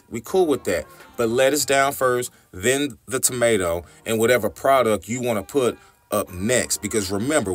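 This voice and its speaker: A man's voice: lowish voice, a bit bright. A man, narrating a recipe tutorial for his cooking channel in an upbeat, chatty way, often calling his viewers y'all.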